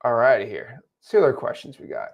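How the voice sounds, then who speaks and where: This host's mid-range voice is sing-song, fast and creaky as he fields live questions. His coaching advice is casual, and he addresses listeners as "man" and "dude" in a laid-back way.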